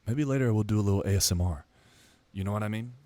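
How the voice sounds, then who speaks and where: A young man rambling in a casual monologue, self-mocking and swearing casually as he muses out loud. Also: on the low side, fast, no echo. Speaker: musician vlogger.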